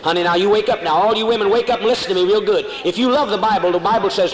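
A man's voice: sits high, very fast, few pauses. A male preacher delivering a fiery, mocking sermon to a congregation, calling listeners honey. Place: church hall before a congregation. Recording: echoey hall with faint noise.

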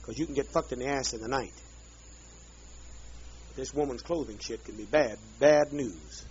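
A man's voice: mid-range voice, moderate pace, darkish tone, slight background noise. Brief: man ranting at a group, bitter and profane, drawling, muffled old tape. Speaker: leader addressing a group. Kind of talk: angry profane rant. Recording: dull lo-fi archive tape.

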